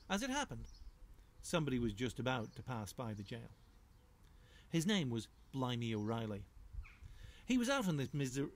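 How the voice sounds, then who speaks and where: A children's author, a man, reading his storybook aloud in a lively, rhythmic, playful way. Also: medium pitch. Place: home.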